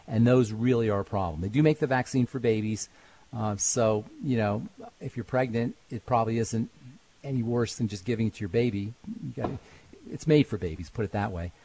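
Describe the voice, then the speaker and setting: Brisk male radio pharmacist fielding callers. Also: mid-range voice, darkish tone. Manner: brisk, interrupts to steer callers. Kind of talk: call-in radio advice.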